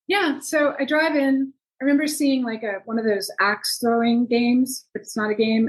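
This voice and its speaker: A woman being interviewed about her reporting work tells a story in a lively, conversational way. She acts out what people said, and her voice jumps up in pitch when she quotes them. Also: rough recording. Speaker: journalist guest.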